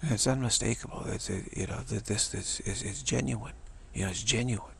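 A man giving an informal spiritual talk, halting and repeating himself, often sinking into a whisper. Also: lowish voice, vocal fry, a bit bright, a little hiss or hum. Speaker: spiritual speaker.

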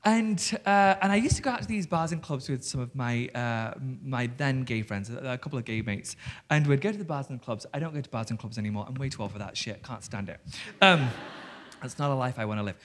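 A man in his thirties with a Yorkshire accent, an animated and cheeky storyteller who talks on stage with lots of fillers. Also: mid-range voice, a little fast. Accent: English Yorkshire. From England. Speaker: guest author. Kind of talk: live stage conversation. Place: theatre stage before an audience.

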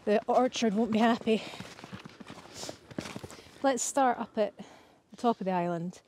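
A woman's voice: fairly high pitch, measured pace, darkish tone, slight background noise. A woman co-hosting a vlog outdoors, plainly explaining what they are doing. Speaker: vlog co-host. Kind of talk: casual outdoor chat. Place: outdoors on an island farm.

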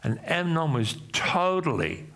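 An Australian-accented pastor delivers a church sermon in a sing-song, fairly bright voice, taking things a little slowly. When he retells stories he acts out the voices, his pitch rising and falling.

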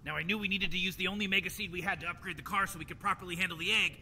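A man's voice: sits high, fairly even intonation, rapid-fire, big-room sound, a crowd in the background. An actor playing a smug, scheming old male mad scientist in a video game, explaining things in a rambling, offhand way. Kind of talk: video game character dialogue.

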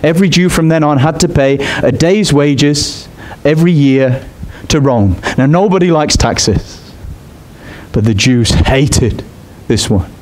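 Expressive male preacher, rising pitch. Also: measured pace. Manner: expressive, climbs high on emphatic points. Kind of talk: sermon.

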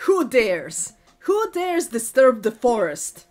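A woman's voice: a little high, very animated, takes it slowly, darkish tone, soft background music. Woman reading as a prickly leafless tree spirit. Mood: haughty. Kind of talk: reading game dialogue aloud.

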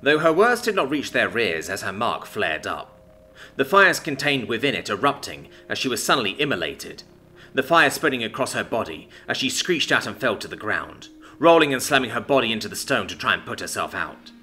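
Male narrator, expressive dramatic reading; low-set, lively pitch with a bright edge. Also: fairly quick, slight background noise. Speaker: story narrator. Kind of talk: scripted narration.

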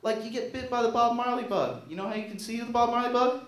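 A man's voice: very high-pitched, fast talker. A young man doing a self-mocking stand-up comedy set on a small theater stage. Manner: animated, self-mocking, jumps into silly voices. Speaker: stand-up comic. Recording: roomy stage sound.

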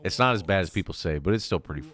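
A man's voice: low voice, animated, rapid-fire, a bit bright. A young man hosting a casual let's-play, joking and swearing in a laid-back way. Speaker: host. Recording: game music playing behind.

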